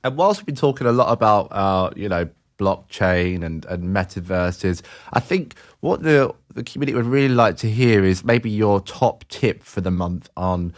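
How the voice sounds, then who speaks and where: A man's voice: lowish voice, lively intonation, normal speed, hardly any pauses. A man co-hosting a casual podcast chat, joking and laughing through his stories. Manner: jokey, laughing storyteller. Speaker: podcast co-host.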